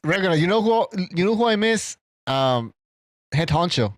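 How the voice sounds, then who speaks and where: A man's voice: high-pitched, sing-song, moderate pace, no room sound, studio quality. A man hosting a voice chat, repeatedly calling the others to hold on. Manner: keeps calling for order. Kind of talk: voice chat moderating.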